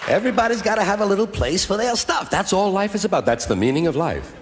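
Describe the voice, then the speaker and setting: A man's voice: sits high, expressive, quick pace. A man performing a stand-up routine with a wry, rhythmic delivery built on repeated lines. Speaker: stand-up comedian. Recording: roomy hall recording with hiss.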